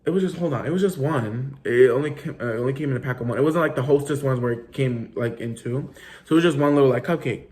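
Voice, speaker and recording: A man's voice: medium pitch, quick pace, a little mellow. Rambling young man telling a story. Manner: rambling, with many fillers, swearing and Spanish words. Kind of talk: casual storytelling.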